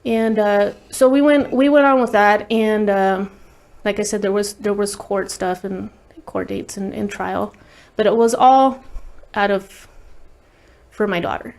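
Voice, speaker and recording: A woman's voice: mid-range voice, fairly even intonation, unhurried, a little mellow. A woman guest on an interview show, telling a personal story candidly and bluntly, swearing freely and saying "like" often. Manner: blunt, profane, heavy use of "like". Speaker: guest recording artist.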